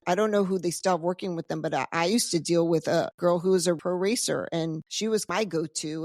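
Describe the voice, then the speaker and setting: A woman's voice: lowish voice, darkish tone, dry recording, clean studio sound. A woman hosting a podcast, asking questions and chatting in an enthusiastic, agreeable way. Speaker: podcast host. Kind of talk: casual interview chat.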